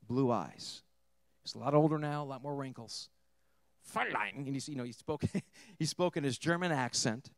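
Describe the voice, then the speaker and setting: A man preaching a sermon in a mid-pitched voice. He tells a story in a quiet, intimate tone, then rises to emphatic points. The sound is dry and close. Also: clear, resonant tone, dry recording. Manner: storytelling, swings between hushed and emphatic. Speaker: pastor.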